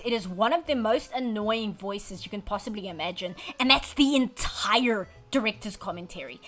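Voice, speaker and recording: A woman's voice: on the high side, a bit bright. Chatty woman streaming as she draws. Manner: chatty, wry, self-deprecating rambling; reads and answers chat messages. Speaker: art streamer. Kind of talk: casual chat while drawing on stream. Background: faint background music.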